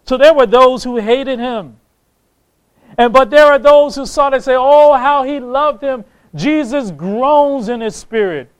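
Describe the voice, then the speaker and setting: A man's voice: extremely high pitch, a little slow, low-quality recording. A man preaching a sermon, impassioned, reading scripture aloud and repeating phrases for emphasis.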